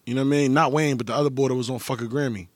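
A man's voice: mid-range voice, steady tone, rapid-fire, no room sound. A man co-hosting a podcast, talking in laid-back, joking banter with friends. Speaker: podcast co-host. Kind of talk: casual chat.

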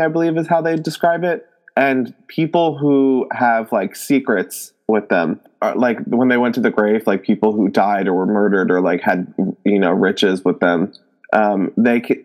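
A young man co-hosting a casual book discussion, excitable and rambling with many fillers. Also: mid-range voice, moderate pace. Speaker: podcast co-host.

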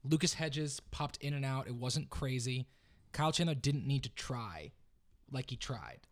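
A man co-hosting a podcast in casual, animated chat, opinionated and quick to joke. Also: mid-range voice. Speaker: podcast co-host.

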